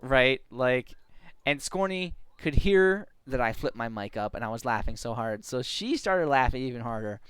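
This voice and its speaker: A streamer telling a funny story from a game in an animated style, often laughing and acting out quotes. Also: medium pitch, normal speed, clean tone, no echo. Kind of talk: casual storytelling on a live stream.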